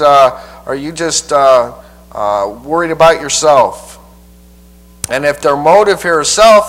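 A man preacher teaching a Bible passage verse by verse in a folksy, halting way, often repeating his words. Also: fairly high pitch, a bit bright, rough recording.

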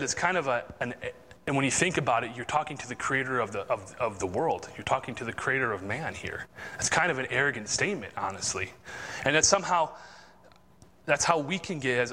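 A man's voice: mid-range voice, bright, forceful tone. A man preaching a sermon in a conversational, informal way, reading from the Bible. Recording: long hall reverb.

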